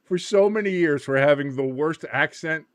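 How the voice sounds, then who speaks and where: A man hosting a live match watch-along in casual chat. He gets excited easily, swears freely, laughs often and shouts at big moments. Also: fairly high pitch, normal speed, clean tone, no echo, clean studio sound.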